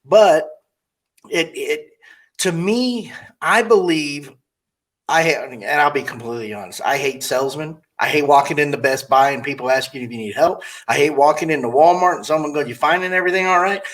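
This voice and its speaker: A man's voice: on the high side, moderate pace. A man hosting an interview, talking bluntly and rambling, often acting out quoted customers in different voices. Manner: blunt, candid opinions. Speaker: podcast host interviewing a car saleswoman. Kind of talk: casual interview chat.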